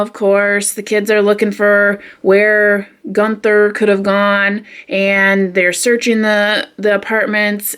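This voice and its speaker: A woman's voice: mid-range voice, a bit bright, clean tone. A woman vlogging casually about a book she is reading, telling stories dramatically and saying "oh my gosh" a lot. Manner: chatty, dramatic storyteller, frequent "oh my gosh" exclamations. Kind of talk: casual vlog chat.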